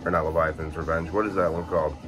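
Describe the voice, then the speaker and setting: A young man with a very low voice talks casually through his collection, full of fillers and quick self-corrections. He sounds relaxed, having only just woken up. Some faint music plays in the background. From Illinois, USA. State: just woke up. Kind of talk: casual chat.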